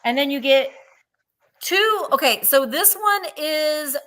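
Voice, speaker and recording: A woman co-hosts a livestream sale, chatting her way through a lot of candy pieces. Her voice is bright and forceful, pitched a little high, and her delivery is upbeat. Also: animated, takes it slowly. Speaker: live sale host.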